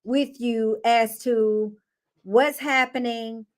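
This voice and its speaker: Chatty young mom vlogger, high voice, unhurried delivery. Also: female voice, steady tone. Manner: chatty, laughs often, talks to her kids mid-sentence. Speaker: vlogger and mother. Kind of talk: casual chat to camera.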